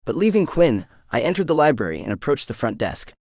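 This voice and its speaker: A man narrating a first-person romance audiobook in an expressive, animated way. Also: medium pitch, brisk, dry recording, clean studio sound.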